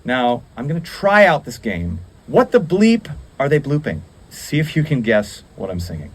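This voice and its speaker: A man's voice: medium pitch, wildly swooping pitch, normal speed, husky. A man appearing as a guest singer on a radio show, talking playfully with wry asides. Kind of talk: casual chat.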